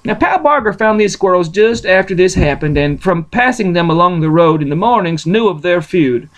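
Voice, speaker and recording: A man's voice: high-pitched, expressive, normal speed, low-quality recording. A man from Russia, reading a bedtime story aloud in a casual, folksy way with rambling asides. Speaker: storyteller host.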